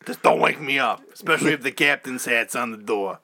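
A man's voice: medium pitch, a little fast, bright, forceful tone. A man co-hosting a podcast, joking and rambling casually with lots of "like". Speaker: podcast co-host. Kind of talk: casual chat.

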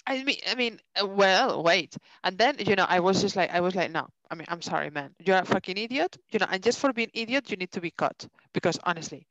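A woman co-hosting a podcast, telling a story in a casual, animated way, swearing and acting out what people said. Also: medium pitch, a little fast, few pauses, no echo. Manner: animated, swears a lot, acts out dialogue. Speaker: podcast co-host. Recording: dull lo-fi dry sound.

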